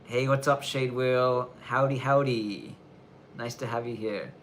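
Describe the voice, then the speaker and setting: In a snowy part of the Japanese countryside, a livestream host chats casually in a live question-and-answer session. His medium-pitched voice is fairly even, a little slow, and fairly bright, with a little hiss or hum; his talk is loose, rambling, and full of fillers and restarts.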